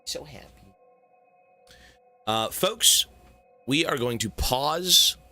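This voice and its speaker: A young male streamer chats with his viewers in a rambling, profane, off-the-cuff way. His voice is very bright and forward, and his pitch moves around a lot from line to line. Faint music plays underneath. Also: expressive, slow pace, dry recording. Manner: rambling, profane, talks to chat. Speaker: game streamer. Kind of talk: casual live-stream chat.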